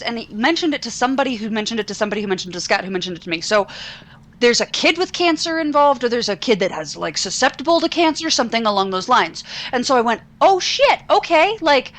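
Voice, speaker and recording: A young adult woman chats on a podcast in a slightly higher voice, animated and quick to swear as she tells her story. She talks casually with her co-hosts. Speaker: podcast co-host.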